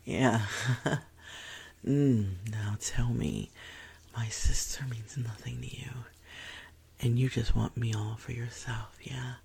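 A woman's voice: a bass voice, fairly even intonation, slow, gravelly, a little mellow, husky, exaggerated voice. A woman voicing a confident, possessive young woman in a whispered role-play, teasing and commanding, often dropping into whispers.

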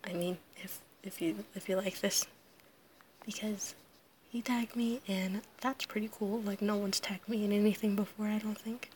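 Sounding ill, this woman half-whispers hoarsely through a questionnaire she's recording alone as an audio creator, pausing often, saying sorry repeatedly, and giving nervous laughs. Her mid-range voice holds a steady, slightly mellow tone, with a faint hiss or hum in the background.

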